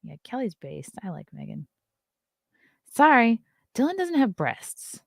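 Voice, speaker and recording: A woman's voice: a little high, sing-song, a little slow, creaky, pauses often, dry recording, clean studio sound. A woman from Long Island with a Long Island accent, hosting a casual morning show, reading headlines aloud and riffing on them bluntly and sarcastically. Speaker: host. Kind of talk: casual morning livestream chat.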